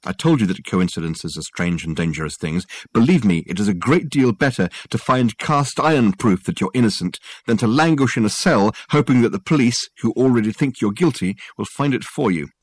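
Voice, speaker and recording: Man doing an eccentric detective, deadpan, sardonic, low voice, lively lilt, dry sound. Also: a little fast, few pauses, no echo.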